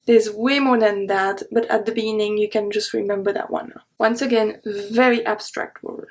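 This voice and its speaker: A woman teaching a French pronunciation lesson, saying each example word slowly and carefully and repeating it. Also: on the high side, darkish tone. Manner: slow, careful enunciation of example words. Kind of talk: online language lesson.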